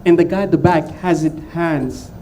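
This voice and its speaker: A man's voice: normal speed, dark tone, slight background noise. A man from India doing a chatty stand-up set, teasing the crowd. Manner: chatty, teasing the crowd, drops low to mimic his father. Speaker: stand-up comedian.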